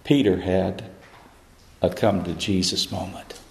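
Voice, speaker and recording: A male preacher delivers a sermon at an unhurried, deliberate pace. His voice sits at an ordinary pitch and rises sharply when he drives a point home. The sound carries the long ring of a reverberant hall. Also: steady tone, gravelly, slight background noise. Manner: rising to high, fervent pitch at climaxes. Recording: echoey hall.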